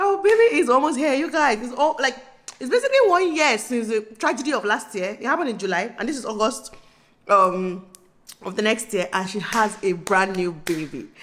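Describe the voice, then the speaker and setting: A woman in her thirties with a Nigerian accent, chatting excitedly to camera in a casual vlog, bubbly and laughing often. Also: mid-range voice, moderate pace, slight background noise. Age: 30s. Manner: bubbly, laughing, breaks into squeals. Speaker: vlogger.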